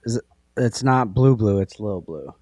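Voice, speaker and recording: A man co-hosting a casual livestream, unhurried and hesitant, with many fillers. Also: fairly low pitch, lively intonation, mellow, slightly rough, no echo, clean studio sound. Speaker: stream co-host.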